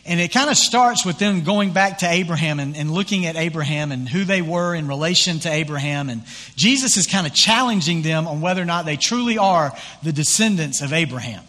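Pastor, conversational sermon delivery, fairly high pitch, reverberant hall sound. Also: male voice, brisk. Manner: conversational, animated retelling with acted quotes.

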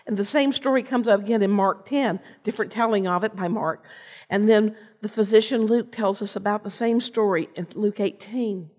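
An older woman giving a personal storytelling sermon, earnest, with pauses and restarts. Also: medium pitch, a little mellow. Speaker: lay preacher and teacher. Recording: long reverb of a large hall.

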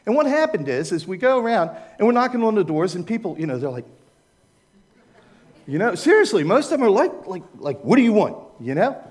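Here the older American man's voice is high and sing-song, moving a little fast. He has a Maryland accent and is giving a relaxed, rambling slide talk to a church group, asking people to agree along the way.

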